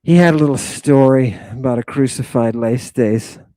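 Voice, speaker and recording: A man's voice: mid-range voice, normal speed, warm tone, no room sound, clean studio sound. A man hosting a livestreamed lecture, combative and emphatic, addressing his audience directly and repeating his points. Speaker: host.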